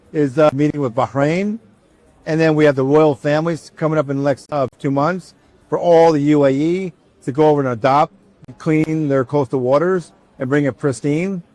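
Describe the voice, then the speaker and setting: A man speaking casually, in a voice a little higher than most men's, as he recounts a personal story. He acts out the conversation, voicing each side and often restarting his sentences. The recording is dry and close, with no room sound. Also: no echo. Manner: animated, acts out both sides of a dialogue, restarts often. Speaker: company founder telling his story.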